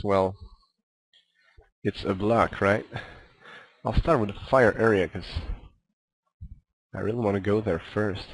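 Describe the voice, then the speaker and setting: A man's voice: fairly low pitch, dry recording, rough recording. A man giving casual, self-mocking commentary while playing a video game, rambling and chuckling as he goes. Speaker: let's play commentator.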